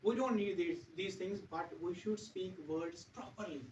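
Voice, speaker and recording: A man's voice: high-pitched, unhurried, darkish tone, a little hiss or hum. An Indian man teaching spoken English to a class, earnest and repeating his points to explain them. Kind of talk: classroom speaking lesson. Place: classroom with podium. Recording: roomy, dull, distant classroom sound.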